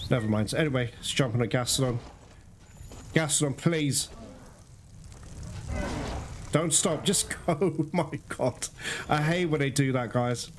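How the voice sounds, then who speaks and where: Excitable man doing gameplay commentary. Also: on the high side, a little hiss or hum. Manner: excitable, swears and laughs often; talks straight to viewers. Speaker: gaming video host. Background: loud game music.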